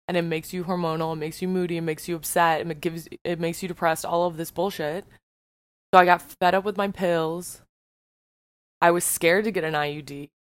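A young woman with a lowish voice speaks her mind on a personal podcast, frank and heated, swearing freely. The sound is close and dry, with no room around her. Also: no echo. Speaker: podcast host. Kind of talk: personal monologue.

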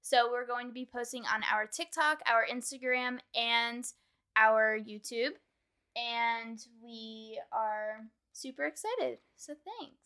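A young woman from New York co-hosts a casual podcast with a wry, teasing manner. Her voice is bright and a little high, with a crisp edge. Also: takes it slowly. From New York area, US. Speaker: podcast co-host. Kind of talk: casual chat.

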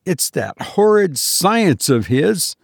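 A woman's voice: fairly low pitch, big pitch swings, slow, gravelly, dry recording, studio quality, pitched above the performer's own voice, exaggerated voice. A man voicing a fluttery Victorian wife. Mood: anxious. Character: fussy middle-aged Victorian wife, easily alarmed.

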